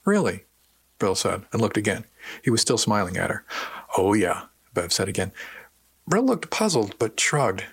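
Low, husky male audiobook narrator. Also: big pitch swings, moderate pace, a bit bright. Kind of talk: scripted first-person narration. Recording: dry close recording.

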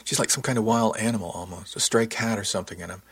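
Brief: male audiobook narrator, low husky voice, calm and measured. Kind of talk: first-person audiobook narration.

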